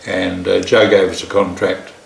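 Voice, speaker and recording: A man's voice: low-pitched, level tone, normal speed, creaky. An older man with an Australian accent, telling earthy, drily humorous stories about his winemaking years. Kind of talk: anecdotal storytelling. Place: large home kitchen. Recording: roomy kitchen echo, faint hiss.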